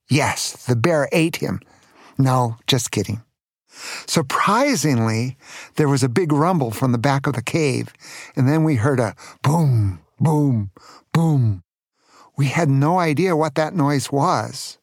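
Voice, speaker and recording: A man's voice: fairly high pitch, dry recording, studio quality. An older man telling a children's adventure story as a grandfather, playful and dramatic, with small jokes.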